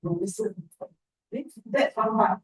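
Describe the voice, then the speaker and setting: A woman giving a measured, encouraging speech evaluation at a club meeting. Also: on the high side. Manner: measured, encouraging feedback with pauses. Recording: echoey room from far off.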